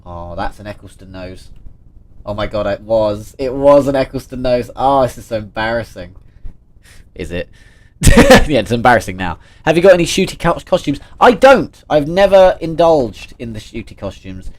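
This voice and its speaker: A man's voice: medium pitch, expressive, normal speed. A man, chatting casually and playfully on a livestream while reading and answering chat. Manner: chatty and playful, reads chat aloud and reacts with jokes. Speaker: streamer.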